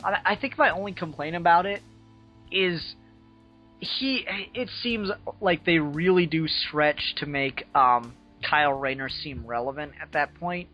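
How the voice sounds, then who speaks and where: A man's voice: a little high, unhurried, bright, forceful tone, lo-fi sound, soft background music. A man in casual chat about a comic book, enthusiastic and swearing, often hedging. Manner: enthusiastic, swears, hedges with "I don't know". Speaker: co-host reviewing a comic book.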